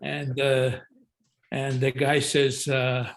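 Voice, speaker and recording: A man's voice: mid-range voice, fairly even intonation, measured pace. Rambling older man telling stories. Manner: rambling, many restarts and fillers, slips into regional voices. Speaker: guest actor. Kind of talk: casual interview talk, storytelling.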